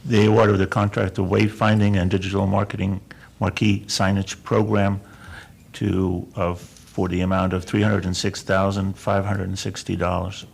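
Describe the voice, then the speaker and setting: A man, a council member, deliberately reading out a formal motion. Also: low voice, flat delivery, vocal fry, breathy edge.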